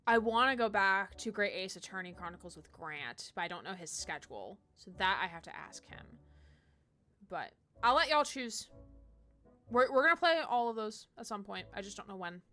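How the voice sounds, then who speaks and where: A woman's voice: medium pitch, animated, moderate pace, pushed and bright, soft background music. A woman streaming a game, chatting in a playful, giggly way with her viewers. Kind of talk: casual live-stream commentary.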